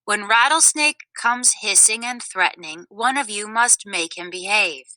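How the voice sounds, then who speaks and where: A woman voicing a calm, wise desert spirit woman in a storybook reading, close to her own voice. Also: mid-range voice, unhurried, no echo, rough recording.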